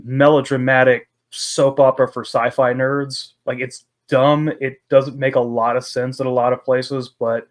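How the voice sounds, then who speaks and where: A man's voice: medium pitch, little pitch movement, unhurried, few pauses. A man chatting casually with fellow tabletop players, enthusiastic and explaining things at length. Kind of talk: casual chat between game sessions.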